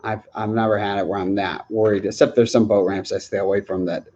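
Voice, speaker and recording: A man's voice: on the low side, flat delivery, brisk, dark tone, highs cut off. A man chatting casually on a livestream Q&A, rambling, chuckling often and restarting his sentences. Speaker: livestream host answering viewer questions.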